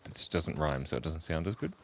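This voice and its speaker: A man chatting with viewers on a live stream while he draws, keeping his voice low and quiet because it is early morning at home, playful and rambling. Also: sing-song, fast talker, very noisy. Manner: talking quietly, hushed. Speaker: livestreaming artist. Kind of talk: casual live-stream chat while drawing.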